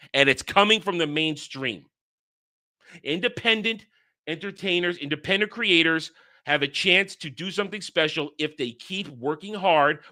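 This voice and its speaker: A man hosting his own channel delivers a fired-up commentary rant in a fairly high, very bright, cutting voice. He hammers single words for emphasis and slips into mocking quoted voices between crude insults. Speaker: host. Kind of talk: ranting commentary monologue.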